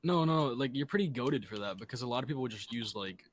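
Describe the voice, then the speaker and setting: A man's voice: medium pitch, lively intonation, fast. A young man co-hosting a casual podcast chat, blunt and swearing freely. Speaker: co-host.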